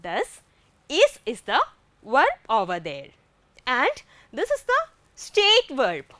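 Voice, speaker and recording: A woman's voice: high-pitched, huge pitch swings, slow, bright, forceful tone, dry recording. A woman with an Indian English accent teaching a grammar lesson, asking questions and answering them herself.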